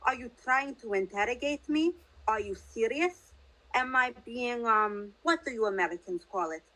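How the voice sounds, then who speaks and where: Woman voicing a mocking male Russian crime boss, Russian accent, bright, needling tone. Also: a little high, moderate pace, poor audio. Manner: scoffing, mock-polite.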